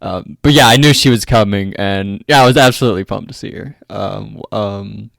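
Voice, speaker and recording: A man co-hosting a film podcast, talking casually and haltingly, often repeating words. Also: on the low side, creaky, no echo. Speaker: podcast co-host. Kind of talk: casual chat.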